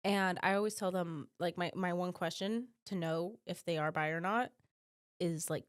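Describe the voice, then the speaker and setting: A woman's voice: mid-range voice, normal speed. A young woman co-hosting a podcast, frank and chatty in casual talk. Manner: frank, chatty, heavy on fillers. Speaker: podcast co-host.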